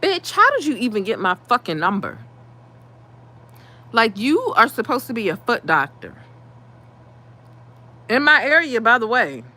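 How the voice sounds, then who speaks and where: A woman ranting in a casual vlog, heated and profane, dropping to low mutters and rising to loud outbursts. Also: very animated, a little slow, pauses often. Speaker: vlogger.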